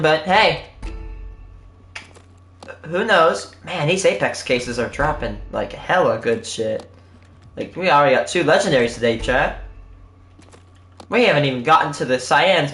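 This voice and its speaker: Live streamer, chatty, game-show-host hype, lively swooping pitch, roomy echo. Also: unhurried, long pauses. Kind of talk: casual live-stream commentary.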